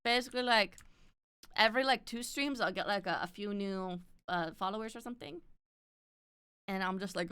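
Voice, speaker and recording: A woman's voice: mid-range voice, moderate pace, long pauses, sharp tone, clean tone. A woman with a standard North American accent and a slight lisp, chatting casually with live viewers, loose and filler-heavy, swearing now and then. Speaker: streamer.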